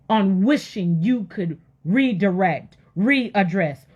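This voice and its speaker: A woman's voice: medium pitch, lo-fi sound. A woman giving an emphatic, conversational faith talk to women, repeating words for emphasis and speaking straight to her listeners. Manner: emphatic, repetitive, addresses audience directly.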